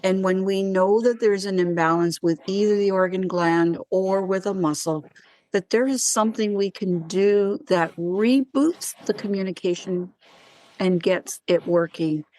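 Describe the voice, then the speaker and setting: Speaking a little slowly in a medium-pitched voice, this wellness practitioner recounts stories in a relaxed interview setting, captured in a dry recording. She brings her anecdotes to life by acting out what people said.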